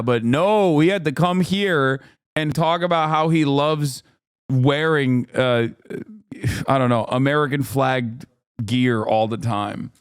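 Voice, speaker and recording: A man's voice: on the high side, clear, resonant tone, no echo, clean studio sound. A man hosting a livestream, reacting with sarcastic, rambling commentary and frequent laughs. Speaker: streamer host.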